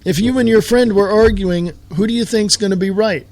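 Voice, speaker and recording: A man's voice: high voice, fairly quick, darkish tone. A man hosting a live show, delivering a heated, sarcastic political rant full of rhetorical questions.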